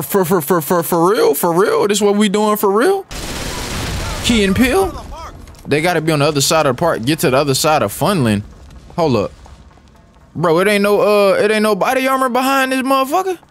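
A young man giving excitable, slangy live commentary over gameplay, repeating phrases and muttering rap lines. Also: high voice, a little fast, noisy background. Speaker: gaming YouTuber.

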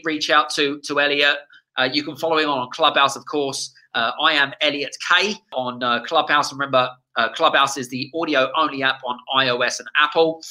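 A man's voice: fairly high pitch, sharp tone, poor audio. A man hosting an interview, talking with enthusiasm and rambling through many restarts. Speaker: podcast host. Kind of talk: casual interview chat.

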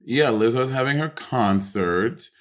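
A man's voice: mid-range voice, lively intonation, unhurried, fairly bright tone. A man co-hosting a podcast in casual chat, blunt and swearing, trying to move the talk along. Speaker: podcast co-host.

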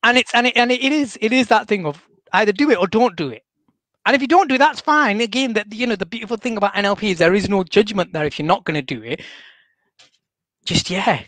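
Male guest, rambling talker with fillers, slightly high voice, dry close sound. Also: fast talker, a bit bright, dry recording. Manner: rambling, full of fillers and restarts. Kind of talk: conversational interview.

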